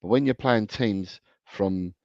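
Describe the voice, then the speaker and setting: A man's voice: on the low side, slow, gravelly, darkish tone, dry recording. A man co-hosting a casual football podcast, talking emphatically and repeating his phrases. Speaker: podcast co-host. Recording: dry, dull lo-fi audio.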